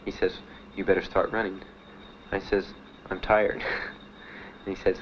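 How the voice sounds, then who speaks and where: Older man, interviewee, halting and plain, fillers throughout; dull, slightly noisy archival audio. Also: low-pitched, little pitch movement. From Miami. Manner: plain, halting storytelling with many "uh"s and "you know"s. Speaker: Vietnam veteran interviewee. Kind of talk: personal recollection in an interview.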